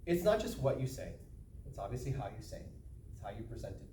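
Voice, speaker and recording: A man's voice: medium pitch, very animated, fast, mellow. A man presenting a speaking-skills training talk to a small group, conversational and joking but earnest. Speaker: workshop presenter. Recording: echoey room, from far off, background noise.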